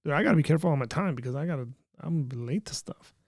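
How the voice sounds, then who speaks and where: Guy with a gravelly voice doing a live chat stream, reading comments and joking around, dry sound. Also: on the high side, animated, quick pace, darkish tone, no room sound. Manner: joking, reads and answers viewer comments aloud.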